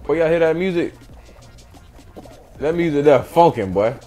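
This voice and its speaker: A man's voice: fairly high pitch, expressive, normal speed, mellow, soft background music. A young man hosting a gaming channel, giving hyped let's-play commentary, trash-talking and chanting catchphrases while he plays.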